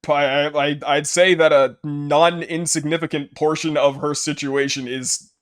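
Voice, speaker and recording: A man's voice: fairly high pitch, little pitch movement, a little slow. Profane jokey male streamer reading game text. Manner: profane, jokey, reads narration aloud. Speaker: streamer playing a visual novel. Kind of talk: casual let's play, reading game text aloud.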